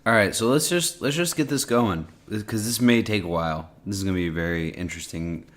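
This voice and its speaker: A man's voice: on the low side, a little fast, fairly bright tone. A man co-hosting a casual podcast, rambling with many likes and restarts. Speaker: podcast co-host.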